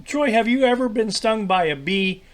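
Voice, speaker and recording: A man teaching a children's devotional lesson in a friendly, halting way, full of fillers and repeated words. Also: high-pitched, animated.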